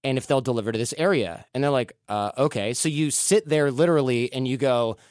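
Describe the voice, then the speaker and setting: A man's voice: medium pitch, fairly quick, darkish tone, dry recording, studio quality. Man telling stories in casual talk. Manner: storytelling, acts out quoted dialogue. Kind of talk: casual conversational advice.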